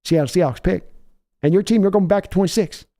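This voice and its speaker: A man's voice: high-pitched, fast talker, dark tone. A man doing a brash, boastful old team owner. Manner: folksy, wheedling, repeats himself.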